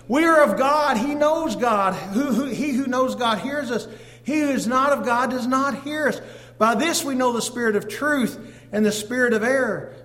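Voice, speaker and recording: High-pitched preacher in an echoey hall. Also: male voice. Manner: emphatic, shifting between loud stresses and low drawn-out phrases. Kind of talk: sermon.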